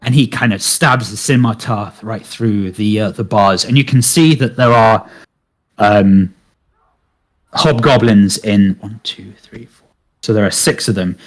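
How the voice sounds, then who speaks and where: Man as game master, slow, unhurried delivery, many fillers. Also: lowish voice. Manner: relaxed, hesitant with many fillers. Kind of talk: narrating a tabletop game.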